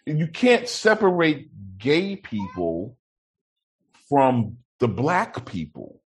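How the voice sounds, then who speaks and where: Podcast host guy, regular pitch, casual and sweary, keeps the convo moving. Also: wildly swooping pitch, extremely slow. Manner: steers the topics, swears casually, mimics other people's talk. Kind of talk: casual chat.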